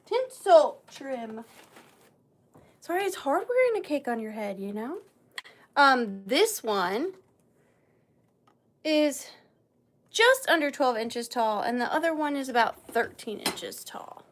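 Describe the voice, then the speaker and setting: Chatty Southern US woman hosting a live sale, slightly high voice, unhurried delivery, faint room hum. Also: sing-song, a bit bright. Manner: chatty, bubbly, thanks viewers by name. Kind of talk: casual live-stream selling.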